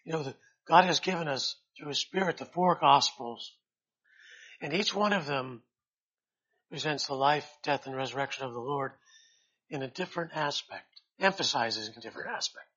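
Bright, husky-voiced male preacher. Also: moderate pace. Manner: rises loud and high on quotes of scripture. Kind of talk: sermon. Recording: dull lo-fi sound.

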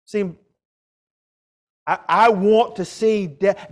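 An older man preaching a sermon, asking rhetorical questions and swinging from loud cries to hushed tones. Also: very high voice, lively intonation, measured pace.

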